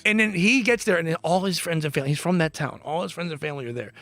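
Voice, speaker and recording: Male comedian, brash and crude storyteller, quick delivery, dry mic. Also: on the high side, fairly bright tone, no echo. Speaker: podcast guest, comedian. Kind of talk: casual chat.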